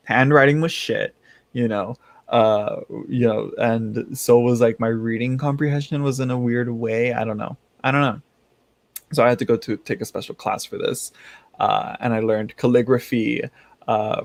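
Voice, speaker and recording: A man's voice: medium pitch, gravelly, no echo. A man hosting a casual livestream, chatting with his viewers in a rambling way, laughing often and restarting his sentences. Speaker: tarot channel host reading live chat.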